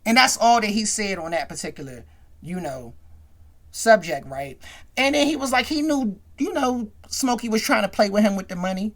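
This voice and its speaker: A woman's voice: mid-range voice, lively intonation, moderate pace. A woman host casually recapping a movie scene, chatty and acting it out.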